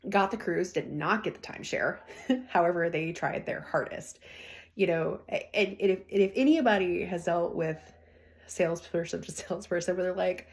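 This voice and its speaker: A woman's voice: lowish voice, brisk, a little mellow. A woman hosting a podcast, telling stories in a chatty way, laughing often and acting out what people said. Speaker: podcast host. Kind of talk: casual storytelling.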